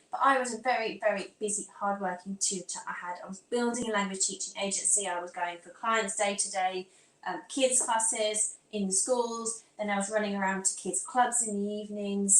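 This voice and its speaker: A woman's voice: mid-range voice, a little hiss or hum. A woman from England with a near-standard southern English accent, hosting a casual live stream from home. She chats to viewers while fiddling with her phone and laptop, scattered and talking to herself. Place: room at home. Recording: echoey room with faint ambience.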